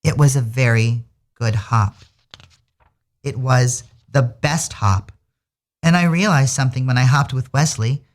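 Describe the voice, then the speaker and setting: A drag queen storyteller reading a picture book aloud on the radio, with lively storybook delivery. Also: mid-range voice, measured pace, long pauses. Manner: lively storybook reading with many character voices.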